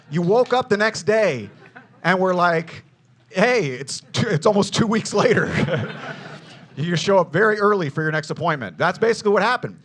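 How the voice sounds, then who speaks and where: A high-pitched man works as a tour guide, giving a jokey, energetic history talk to a group. He teases his listeners, calling them "you guys" and "baby."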